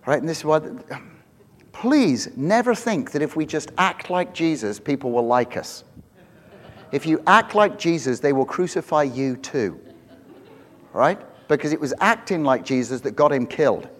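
Man, pastor, middle-aged, fairly high voice, casual joking sermon, long church reverb. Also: lively intonation, normal speed. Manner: conversational and joking, self-mocking.

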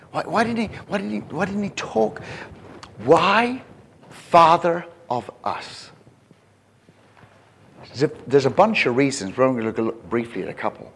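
Animated male preacher, slightly high voice. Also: moderate pace, husky. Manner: animated, repeats words and restarts, rising to emphatic questions. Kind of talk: sermon.

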